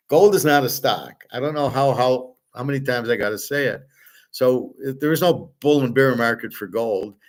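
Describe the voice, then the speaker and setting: A middle-aged male host holding forth in a loose, unscripted rant. His voice sits at an ordinary mid pitch, and he talks bluntly, swears freely and sounds openly exasperated. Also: a bit bright. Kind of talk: casual ranting commentary.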